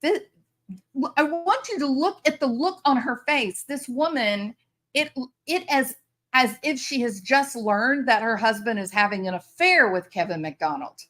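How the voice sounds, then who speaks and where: A woman's voice: high voice, animated, a little slow, fairly bright tone. A woman commentator reacting to a news story, incredulous and sarcastic, often laughing in disbelief.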